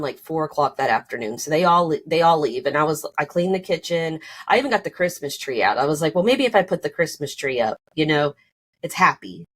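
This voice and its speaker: A woman in her thirties telling a personal story in a casual, emotional, rambling way, with many fillers and restarts. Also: sits low.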